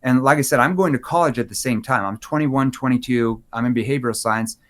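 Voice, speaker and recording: Talking fast in a mid-range voice, a sales trainer guest on a podcast breaks down his techniques. He's animated throughout, voicing example lines and changing his tone to show how each one sounds.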